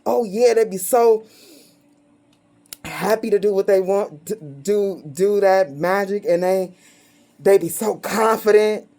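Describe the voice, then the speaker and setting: Speaking slowly in a medium-pitched voice with a dark tone, this woman gives a casual tarot reading. She swears freely, mocks her subjects with glee, and keeps laughing between phrases.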